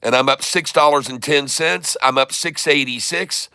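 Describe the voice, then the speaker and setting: Man, day-trading commentary, bright and crisp, dry close sound. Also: a little high, no echo. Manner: running commentary, repeating tickers slowly. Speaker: stock trading streamer.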